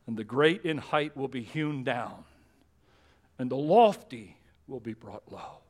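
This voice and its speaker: A man preaching a sermon, swinging between quiet whispers and loud, emphatic passages. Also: medium pitch, lively intonation, unhurried. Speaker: pastor.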